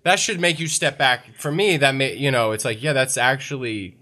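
A man co-hosting a live podcast, reasoning aloud in halting, restarted phrases. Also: medium pitch, bright, forceful tone. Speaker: podcast co-host.

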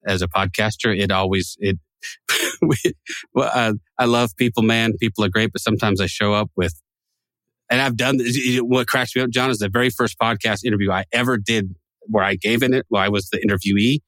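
This podcast co-host has a fairly low, fairly bright voice with fairly even intonation, talking fairly quickly with no room sound. The chat is casual, and he keeps joking, rambling and laughing a lot.

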